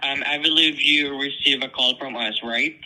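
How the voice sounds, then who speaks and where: Very bright polite collections guy on a call, reads off a script. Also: medium pitch, fairly even intonation, moderate pace, poor audio. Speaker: debt collection caller. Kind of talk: phone call.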